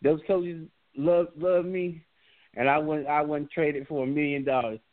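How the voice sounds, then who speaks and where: Guy telling an old high school story, kinda stammery, thin phone-line audio. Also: fairly even intonation, normal speed. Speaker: podcast co-host. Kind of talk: casual sports talk.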